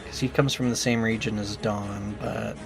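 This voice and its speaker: A man's voice: fairly low pitch, fairly even intonation, normal speed, creaky, music in the background. A man playing a game and trying out character voices, chatting casually in a self-deprecating way.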